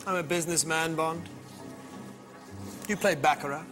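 A man's voice: a little high, fairly even intonation, normal speed, a bit bright, faint music behind. A man playing a smug, theatrical male casino villain in a comedy sketch.

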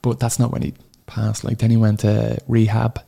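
An Irish man in his thirties with a low, gravelly voice and a dark, mellow tone. He tells a painful personal story as a podcast guest, halting often and swearing freely as the sorrow catches up with him. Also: completely flat delivery. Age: 30s.

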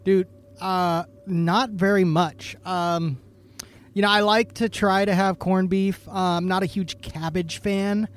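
A man's voice: sits high, steady tone, measured pace. A man from Idaho co-hosting a podcast, chatting casually and joking, with many ums and restarts. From Idaho, USA. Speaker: podcast co-host. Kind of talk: casual chat.

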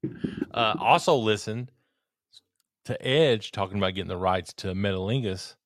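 Tipsy male co-host, low voice, rambling profane banter, dry close sound. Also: normal speed, no room sound. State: tipsy from drinking. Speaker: podcast co-host. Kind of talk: casual chat.

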